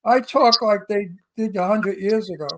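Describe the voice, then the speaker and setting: A man's voice: high-pitched, moderate pace, a crowd in the background, rough recording. A man with a Brooklyn accent co-hosting a radio interview show, talking in a brash, emphatic, boisterous way. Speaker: co-host. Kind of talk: casual radio interview chat.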